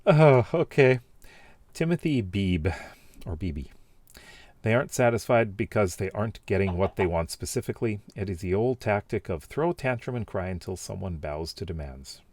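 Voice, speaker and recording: A man's voice: fairly low pitch, animated, moderate pace, darkish tone, dry recording. A man casually reading out and reacting to viewer comments, rambling with many fillers and restarts. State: has the hiccups.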